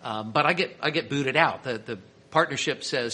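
A winery owner and sommelier from Kansas City guests on a podcast, telling stories in a chatty way and restarting often in this casual storytelling interview. His mid-range voice moves at a normal speed with a sharp tone.

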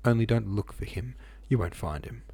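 A man's voice: lowish voice, expressive, moderate pace, vocal fry, dark tone, breathy edge, no echo, full character voice. A man voicing a sly, mocking servant. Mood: insinuating. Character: sly, insolent male servant, calm and mocking.

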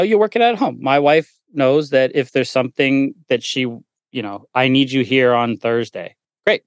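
A man's voice: medium pitch, dry recording. A middle-aged man, a recording engineer and guest, telling stories casually with lots of "you know" and restarts. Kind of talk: casual storytelling in a conversation.

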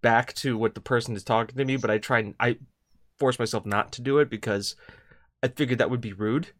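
Brief: American guy, mid pitch, rambling podcast host, swears freely. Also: a little fast, dry recording, studio quality. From United States. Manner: rambling, animated, swears often, slips into parody voices. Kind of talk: casual chat.

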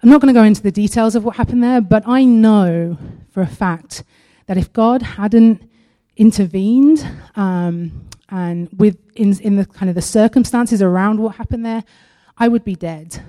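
A woman sharing a personal testimony at a church service, earnest and halting, partly reading aloud from her own writing. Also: medium pitch, dark tone. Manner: earnest and halting, with frequent pauses.

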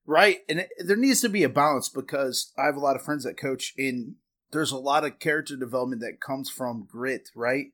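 A man's voice: mid-range voice, fairly quick, fairly bright tone. A man hosting an interview podcast, chatty and enthusiastic as he talks with his guest. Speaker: podcast host, trainer. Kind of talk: casual interview chat.

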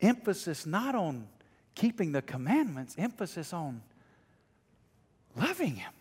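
A middle-aged male pastor preaching a sermon to his congregation, dropping to a hush and then rising almost to a shout. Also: high-pitched, sing-song, moderate pace, slightly rough, in a large hall. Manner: swings from hushed to near shouting. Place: church sanctuary.

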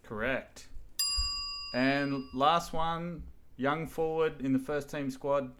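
A man's voice: mid-range voice, steady tone, slow pace, a bit bright. A man hosting a quiz on a casual podcast, reading out names in a laid-back way. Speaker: quizmaster.

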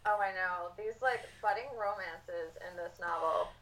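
A woman's voice: fairly low pitch, measured pace, a bit bright, far from the mic, poor audio. A woman co-hosting a casual book discussion, thoughtful and rambling, with lots of "like"s. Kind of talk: casual chat. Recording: voice a bit off-mic.

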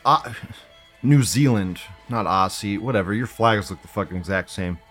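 A man's voice: fairly low pitch, normal speed, fairly bright tone, faint music behind. A man hosting a live stream, ranting casually in a profane, sardonic way and laughing often. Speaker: live-stream host reading viewer comments.

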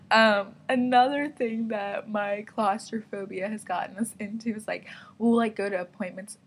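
A woman's voice: mid-range voice, steady tone, unhurried, slight background noise. A young woman hosting a podcast, telling a story in a chatty way, full of fillers and laughs. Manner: chatty, giggly, lots of "like" fillers. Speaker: podcast host. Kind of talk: casual storytelling.

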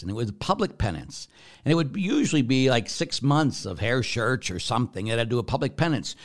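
A man, a Catholic priest, answering viewer questions in a conversational teaching manner, asking himself questions and answering them. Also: mid-range voice. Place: broadcast to viewers.

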